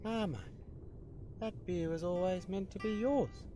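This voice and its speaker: A man with an Australian accent voicing a friendly, laid-back bushman drifter in an animated show, easygoing and casually swearing. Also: high voice, a little slow, faint music behind.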